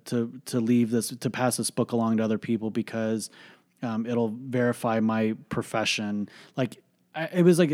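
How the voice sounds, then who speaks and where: A podcast host tells a personal story in a candid monologue, blunt, profane and emphatic, packed with fillers. His voice is mellow and of medium pitch.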